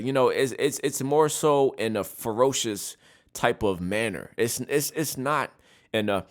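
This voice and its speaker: A man's voice: medium pitch, animated, a little slow. A man hosting a casual solo podcast, talking through his opinions and often checking in with "right?". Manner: opinionated, repeats "right?" often, frequent restarts. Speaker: podcast host.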